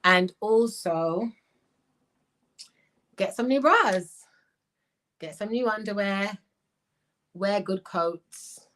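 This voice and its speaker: A middle-aged woman from Jamaica with a Jamaican accent, hosting a casual livestream, talking in an animated, blunt way and mixing in patois. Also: medium pitch, drawn-out words, pauses often, rough recording. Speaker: livestream host reading viewer chat.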